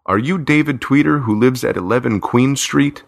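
A man's voice: mid-range voice, moderate pace, vocal fry, voice pushed up, natural voice. A man voicing a stern, commanding stranger on the telephone in a storybook.

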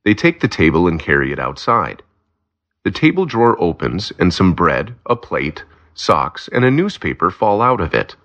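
A man narrating a simple graded story for language learners, slow and clear. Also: low-pitched, very animated, fairly bright tone, muffled recording.

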